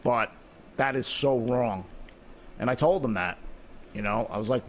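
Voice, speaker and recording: A man's voice: mid-range voice, measured pace, long pauses, a little hiss or hum. A man in casual voice chat with friends, earnestly retelling a talk with his son and repeating "I said" again and again. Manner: long retelling that repeats "I said" over and over; earnest and emphatic. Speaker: father chatting with friends in a game party.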